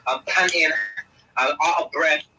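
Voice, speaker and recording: A man's voice: fairly high pitch, unhurried, background noise. A young man, a guest in an interview, telling an emotional first-person account in an intense, agitated way, often calling the host by name.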